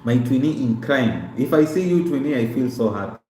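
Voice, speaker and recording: A man's voice: medium pitch, lively intonation, fairly quick, darkish tone. A young man chatting casually on a live stream, greeting viewers by name and repeating himself as he talks through his life story. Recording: echoey room with faint background noise.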